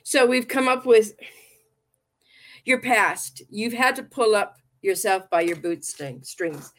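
Woman livestream host and tarot reader, mid-pitched, chatty and rambling, affectionate, casual. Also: takes it slowly, a bit bright. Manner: chatty, rambling and affectionate, often repeating words.

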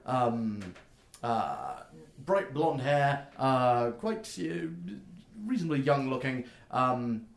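A man narrating as game master in a tabletop game, searching for words with many pauses and restarts. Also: mid-range voice, sing-song. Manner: hesitant, full of fillers and restarts. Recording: echoey room.

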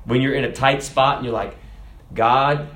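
A man's voice: medium pitch, quick pace, a little hiss or hum. A male preacher giving a sermon, reading scripture and joking with the congregation. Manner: animated, joking, teaches from scripture.

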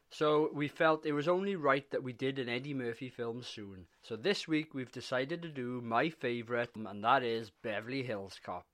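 A man's voice: mid-range voice, fairly bright tone. A man hosting a casual film podcast, chatting enthusiastically with plenty of fillers and restarts. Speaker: podcast host.

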